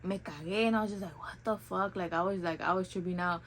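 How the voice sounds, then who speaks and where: A woman's voice: lowish voice, steady tone, fast talker, slight background noise, poor audio. A young woman telling her own birth story in a casual, blunt, profane way, slipping into Spanish phrases.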